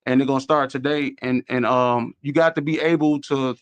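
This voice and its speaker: A man's voice: mid-range voice, fairly even intonation, moderate pace, clear, resonant tone, no echo. A man with a Chicago accent who runs an award show, talking casually on a radio show in a rambling way with many fillers and restarts.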